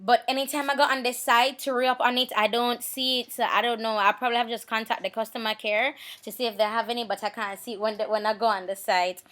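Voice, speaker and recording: Woman, bright voice, a touch high, chatty makeup tutorial voice-over. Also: level tone, quick pace, hardly any pauses. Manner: chatty, repeats herself, talks while working. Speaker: makeup vlogger.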